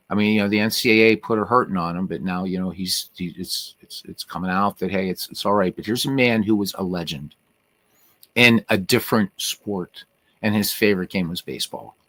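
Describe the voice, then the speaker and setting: A man's voice: lowish voice, normal speed, fairly bright tone, no room sound. Rambling man hosting a livestream. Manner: rambling, with many restarts and "you know". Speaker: livestream host. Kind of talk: casual chat.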